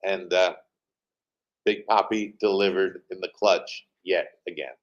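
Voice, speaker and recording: A man, a team president, telling animated anecdotes as an interview guest, pausing often with fillers over a remote call. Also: deep voice, lo-fi sound. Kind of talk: interview storytelling.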